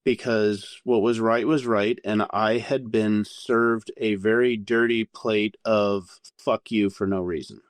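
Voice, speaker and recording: Profane, animated male storyteller, dry sound. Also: lowish voice, slow pace, few pauses, no room sound. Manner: profane, animated anecdote-telling. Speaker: podcast guest. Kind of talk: candid conversational storytelling.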